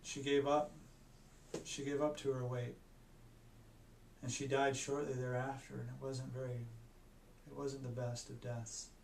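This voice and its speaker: A man's voice: medium pitch, little pitch movement, gravelly, darkish tone, a little hiss or hum. Earnest man telling a story in an echoey room. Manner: earnest, halting storytelling with many restarts. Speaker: doctor. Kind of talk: personal storytelling talk. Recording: echoey room, mic at a distance.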